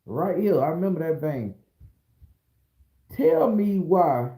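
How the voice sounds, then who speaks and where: Blunt, animated Southern male storyteller; somewhat high pitch, dark tone, roomy echo. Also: slow. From southern Florida. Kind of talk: casual spoken storytelling. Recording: echoey room.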